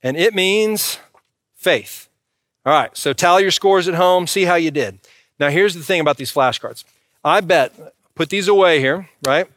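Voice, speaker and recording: A man's voice: fairly high pitch, normal speed, fairly bright tone, no echo, studio quality. A man preaching a sermon in a conversational way and speaking directly to the congregation. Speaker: pastor.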